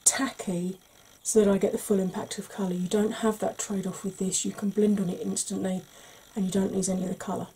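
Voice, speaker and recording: A woman hosting a soft-spoken ASMR makeup tutorial, chatty and explanatory, sometimes dropping into a whisper. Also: mid-range voice, flat delivery, a little fast, hardly any pauses, slight background noise, rough recording.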